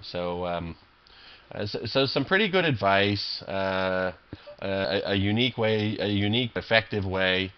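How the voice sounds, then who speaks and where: Low-voiced man, cranky and foul-mouthed, talks over his poker games in a muffled lo-fi take. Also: animated, unhurried, clear, resonant tone. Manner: irritable, swearing, rambling with many fillers and restarts. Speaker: online poker player commentating his own games. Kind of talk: profane live game commentary.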